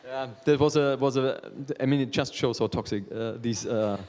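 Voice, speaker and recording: Male host of a reading event, halting and filler-heavy, loud on the mic. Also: mid-range voice, a faint crowd. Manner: hesitant, with many fillers. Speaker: event moderator. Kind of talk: moderating a literary reading.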